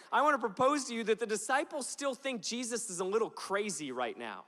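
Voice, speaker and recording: A man from Alaska preaching a passionate sermon in a church, moving from slow, weighty lines to animated storytelling. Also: sits high. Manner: passionate, builds from slow emphatic lines to loud animated retelling. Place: church auditorium. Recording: long hall reverb.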